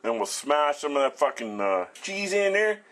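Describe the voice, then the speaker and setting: A middle-aged vlogger with a fairly high, slightly bright voice sounds very animated yet keeps a moderate pace. He rambles bluntly and curses constantly while he cooks and shows off his small house in a casual ranting vlog.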